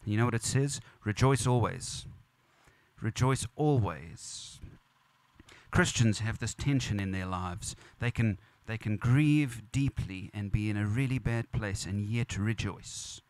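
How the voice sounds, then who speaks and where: A man's voice: lowish voice, normal speed, hardly any pauses, dry recording. Earnest man preaching at a funeral. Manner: earnest, repetitive preaching with rising emphasis. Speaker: pastor. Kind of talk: funeral sermon. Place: church or funeral venue.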